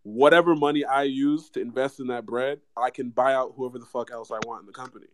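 A man co-hosting a casual podcast chat, telling stories in an animated, profane, joking way. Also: medium pitch, quick pace. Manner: animated, profane, jokey storytelling.

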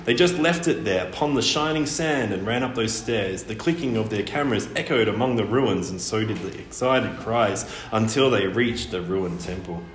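A man reading a children's storybook aloud, expressive and lively with his delivery. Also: lowish voice, normal speed, hardly any pauses. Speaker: audiobook reader. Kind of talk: storybook narration. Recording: roomy echo, faint noise.

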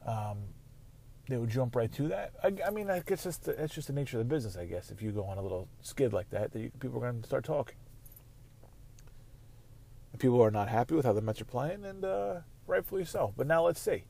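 A man's voice: mid-range voice, expressive, fairly quick, creaky, warm tone. A man hosting a casual solo sports podcast, rambling and swearing freely. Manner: rambling, profane, conversational. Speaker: podcast host.

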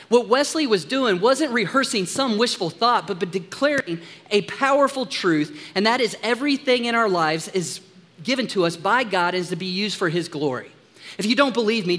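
A man preaching as a pastor, upbeat and joking with the congregation, dropping to a hushed tone in prayer. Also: sits high, long reverb tail. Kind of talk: sermon. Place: church sanctuary.

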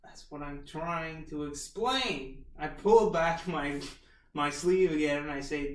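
A man's voice: a little high, slow pace. A man playing a tabletop game, joking and explaining what his character does. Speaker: player. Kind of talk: casual game chat. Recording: roomy, distant mic, faint noise.

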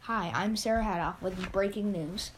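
A woman's voice: mid-range voice, normal speed, noisy background, voice pushed down, lightly acted. Woman plays English-accented newswoman, formal announcer read. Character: female TV news reporter.

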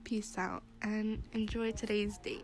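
A woman's voice: mid-range voice, little pitch movement, measured pace, slight background noise. A young woman hosting her own podcast in casual, rambling chat, with plenty of fillers and laughs, recorded while she sits in a classroom. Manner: chatty, rambling, laughs often, many fillers. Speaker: podcast host. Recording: music behind the voice.

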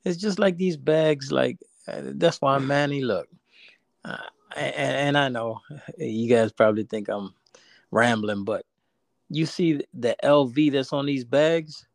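A man's voice: medium pitch, a little slow, gravelly, no room sound, studio quality. Rambling man telling a story. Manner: rambling storyteller with many restarts, animated quoted voices. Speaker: podcast co-host. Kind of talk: casual podcast chat.

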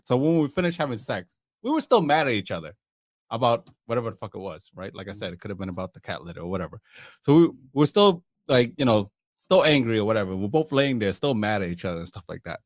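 A man's voice: fairly low pitch, no echo, studio quality. Crude, laughing man telling stories. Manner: crude storytelling, laughs a lot. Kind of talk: casual group chat.

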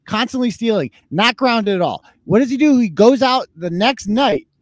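Dude hosting a podcast, high-ish voice, swears a lot and mocks stuff, super dry close mic. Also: male voice, lively intonation, normal speed, no echo. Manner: blunt, profane, mocking. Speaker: podcast host. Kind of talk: casual commentary on viral videos.

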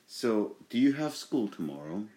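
Deep-voiced man hosting a podcast. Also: very animated, moderate pace, mellow. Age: young adult. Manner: rambling, with many fillers and restarts. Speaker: podcast host. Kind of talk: casual podcast chat.

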